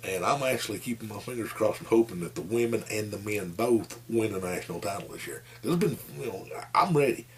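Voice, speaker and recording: Man, thirties, low-pitched, brash, folksy, rambling, casual review. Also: fast talker, few pauses, slight background noise. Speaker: amateur movie reviewer.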